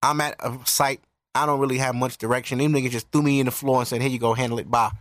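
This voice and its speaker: A young man talking straight into the mic on his own podcast, swearing freely as he hands out earnest relationship advice. His voice sits at an average pitch for a man, and the sound is close and dry with no room echo. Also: little pitch movement, fast. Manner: candid and profane, earnest advice. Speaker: podcast host. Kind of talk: casual podcast monologue.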